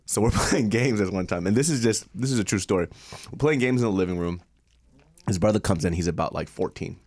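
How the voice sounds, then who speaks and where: A man co-hosting a casual podcast, telling stories with loud, laughing impressions. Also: on the low side, a little fast. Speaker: podcast co-host.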